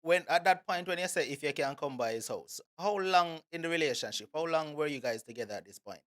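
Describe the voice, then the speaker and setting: Mid-pitched talk-show host who grills a caller with questions. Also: lively intonation, fairly quick, a bit bright. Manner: probing, slangy follow-up questions. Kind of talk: interviewing a caller.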